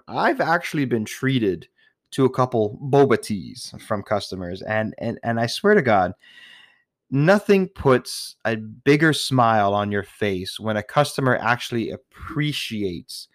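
A man who works retail speaks to his listeners in a fairly low voice, rambling casually, swearing a lot and restarting sentences as he talks without stopping. Clean studio sound, no echo.

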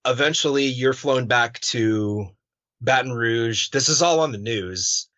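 Podcast host guy, bright edgy voice, casual and blunt, cusses, dull muffled audio. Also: medium pitch, a little slow, no echo. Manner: casual and blunt, swears freely, filler-heavy questions. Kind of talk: casual interview. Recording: dull, muffled dry recording.

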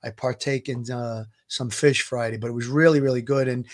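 A man's voice: mid-range voice, fairly even intonation, a little fast. A man, co-hosting a casual talk show, rambling with lots of fillers and repeats. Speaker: co-host. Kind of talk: casual chat.

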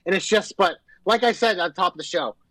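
A man's voice: sits high, quick pace, fairly bright tone, dry recording, low-quality recording. A man co-hosting a casual wrestling podcast, ranting in an angry, profane, fired-up way. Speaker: podcast co-host.

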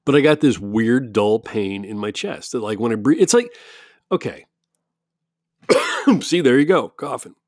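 A man's voice: mid-range voice, very animated, unhurried, pauses often, a little mellow, dry recording, studio quality. A man from the United States in a casual rambling monologue at home, talking into a microphone with restarts, chuckles and mock-quoted asides. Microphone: studio-style microphone.

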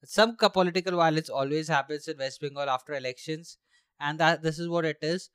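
A man's voice: a little high, fairly quick, fairly bright tone, clean tone, no echo, studio quality. A young man from India hosting a solo podcast at home, rambling sarcastically with swearing and laughs while drinking. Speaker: podcast host. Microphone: handheld mic.

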